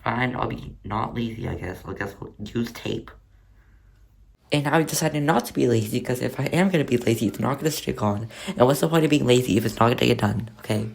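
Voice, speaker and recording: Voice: mid-range voice, animated, fairly quick, vocal fry, a little hiss or hum. A crafting vlogger narrating their own paper project in a rambling, chatty, self-mocking way. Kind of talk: casual narrated crafting vlog.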